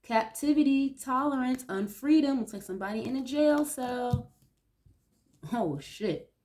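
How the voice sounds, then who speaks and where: A woman's voice: sits high, measured pace, warm tone, slight background noise. Blunt, swearing woman reading tarot cards. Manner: blunt, swears freely, reacts aloud to the cards. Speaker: tarot reader. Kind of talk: casual card-reading commentary.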